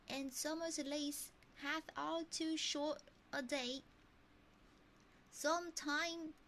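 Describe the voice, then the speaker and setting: A woman voicing a theatrical female poetry reciter in a made-up accent, reading slowly and dramatically in a whispered role-play. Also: high voice, a bit bright, a little hiss or hum, voice pushed up, low-quality recording. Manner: slow, sing-song dramatic recitation.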